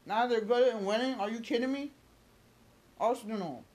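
A woman's voice: a little high, moderate pace, a little mellow. A woman sports vlogger doing an angry fan rant, heated and cursing, repeating herself and firing questions at her viewers in slangy talk.

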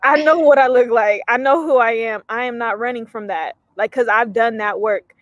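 Young woman, talk show host, lively and emphatic, slangy, fairly high voice, dry sound. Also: normal speed, dry recording, lo-fi sound. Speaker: podcast host. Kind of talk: casual chat.

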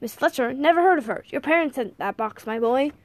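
Woman doing a boisterous, excitable old man. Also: high voice, no echo. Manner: boisterous, exclaiming, rushed. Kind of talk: audiobook character reading.

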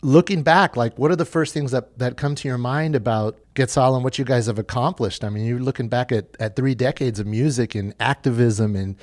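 Brief: mid-pitched male host, casual and eager, dry close sound. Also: fairly quick, few pauses, no room sound. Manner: eager, chatty questions with filler words. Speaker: podcast host. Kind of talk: casual interview.

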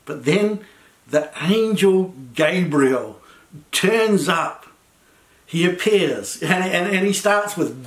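A man's voice: high voice, expressive, slow pace. Conversational male pastor, echoey room. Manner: conversational, enthusiastic, frequent restarts. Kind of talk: sermon.

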